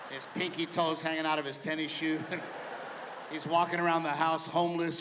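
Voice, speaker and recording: A man's voice: fairly high pitch, moderate pace. Stand-up comic man in a big hall. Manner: animated storytelling, acts out family members. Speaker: stand-up comedian. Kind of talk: stand-up comedy routine. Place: large theater with live audience. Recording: live venue reverb, audience noise.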